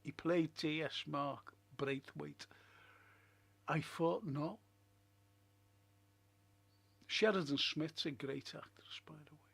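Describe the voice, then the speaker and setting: A man's voice: on the high side, slow pace, creaky, fairly bright tone, slightly rough. A man hosting a casual live stream, chatting in a rambling way, musing aloud and reading out viewer comments. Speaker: livestream host. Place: at home.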